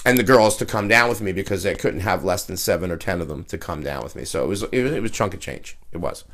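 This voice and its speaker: A man's voice: deep voice, fast, a bit bright. A man telling a brash, profane anecdote in casual chat, acting out the lines of the people in it.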